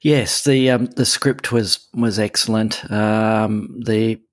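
A man's voice: lowish voice, fairly even intonation, slow, no room sound. A man chatting casually on a radio segment, hesitant and full of ums and restarts. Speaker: regular guest on a veterinary news segment.

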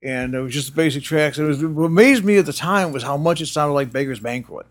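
A man's voice: on the high side, animated, fast talker. Older man, interview guest, rambling storyteller, lots of you-knows and laughs. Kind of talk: casual storytelling.

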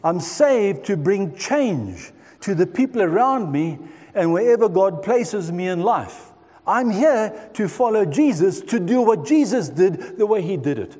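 With a high-sitting, animated and mellow voice, a little slow, a man in his sixties gives a sermon testimony about his own life. As a preacher he addresses listeners directly and earnestly, and the sound carries a long reverb tail.

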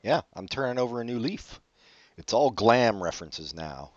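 A man's voice: mid-range voice, lively intonation, normal speed, no echo. A man co-hosting a casual late-night podcast chat, joking and punning as he rambles. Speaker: podcast co-host. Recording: dull lo-fi dry recording.

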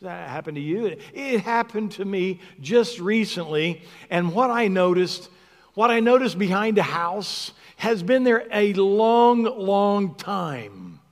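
Slow, reflective preacher in a hall. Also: male voice, high-pitched, expressive. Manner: reflective, conversational, repeats words for emphasis. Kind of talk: sermon.

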